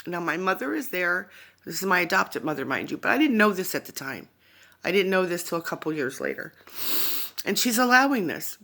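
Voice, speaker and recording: Gravelly, bright-voiced woman telling her story. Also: lowish voice, sing-song. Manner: halting, rambling, often digressing. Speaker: vlogger sharing a personal testimony. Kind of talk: personal storytelling monologue. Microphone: phone.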